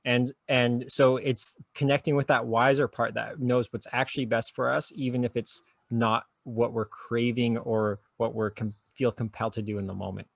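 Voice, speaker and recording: Calm therapist guest, male, a touch of fry, dry recording. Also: mid-range voice, no room sound. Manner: slow soothing guided instructions. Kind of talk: calm guiding conversation.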